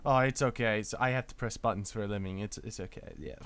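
A man's voice: lowish voice, quick pace, over a noisy crowd. A man hosting a casual game livestream, joking around and laughing often, with lots of restarts. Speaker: livestream host. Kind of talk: casual gaming chat.

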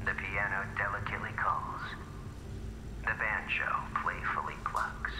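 Give me a slow, reverent, obsessive music director on a hissy recording. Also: male voice, on the low side. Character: calm obsessive male music director on a tape. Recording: echoey old audio log with hiss.

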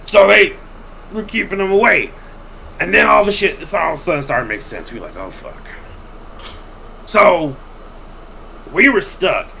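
A man's voice: fairly high pitch, gravelly, slight background noise, low-quality recording. A man hosting a podcast, telling a long story casually with lots of swearing and acting out what other people said. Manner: animated, profane, acts out quoted people.

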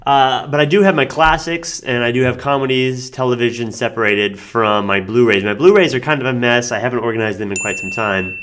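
A male co-host in casual comedic chat, rambling along and stumbling through filler words as he hunts for the right phrase. His voice sits at an ordinary middle pitch. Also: fairly quick, few pauses, a bit bright. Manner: rambling, hesitant, full of fillers.

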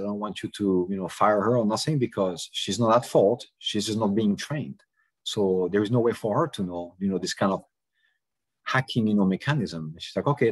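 A man's voice: fairly low pitch, breathy edge, no room sound, rough recording. A man presenting a cybersecurity lesson, telling a story casually with many fillers and acting out the dialogue. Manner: casual, frequent "you know" fillers, acts out dialogue. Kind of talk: anecdotal lecture storytelling.

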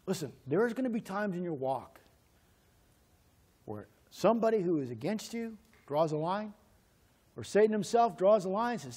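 A man's voice: sing-song, normal speed, pauses often, a little mellow, husky. A man pastor preaching a sermon, telling a childhood story and acting out the voices in it, then leading a prayer. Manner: storytelling, acts out voices with pitch swings. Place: church.

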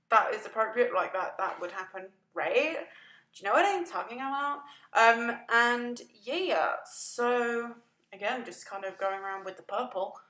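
In an echoey room, a woman talks through a gaming build voice-over in a rambling, self-deprecating way, with lots of laughs and yawns. Her mid-range voice is pushed and bright, at a normal speed.

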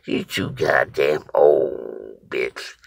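A man's voice: deep voice, huge pitch swings, slow, vocal fry, pushed and bright, husky, heavily acted. A man voicing a rude young man who heckles him on the street, blunt and profane. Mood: mocking.

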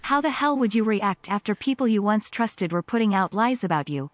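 A woman's voice reads viewer donation messages aloud, flat and even. It comes through with muffled, dull sound and almost no room. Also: mid-range voice, a little fast, dry recording.

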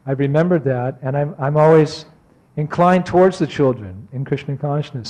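A man with a fairly high voice gives a devotional talk, telling a personal story. He acts out remembered moments with animation, then eases into softer, slower reflection. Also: rough recording. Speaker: spiritual teacher giving a talk.

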